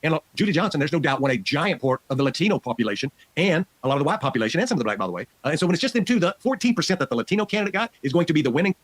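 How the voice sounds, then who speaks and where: Podcast host guy rattling off election numbers super fast, kinda high voice, dry close sound. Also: big pitch swings, no room sound. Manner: rapid, loose, swears casually. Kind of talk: casual political podcast chat.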